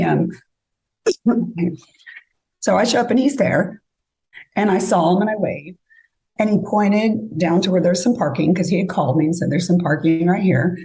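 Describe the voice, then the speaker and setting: Woman guest, warm low voice with vocal fry, casual storyteller. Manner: chatty, acts out both sides of conversations.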